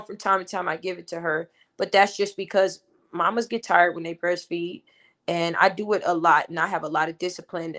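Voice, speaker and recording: A woman's voice: on the low side, fairly bright tone. A woman in her twenties telling a personal story on her vlog in an emphatic, venting way, talking straight to her viewers. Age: 20s. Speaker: vlogger and mother.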